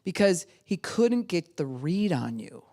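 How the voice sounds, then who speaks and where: Middle-aged woman pastor, animated sermon storytelling. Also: fairly low pitch, measured pace. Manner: animated storytelling, acts out voices of babies and dogs. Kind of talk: sermon teaching.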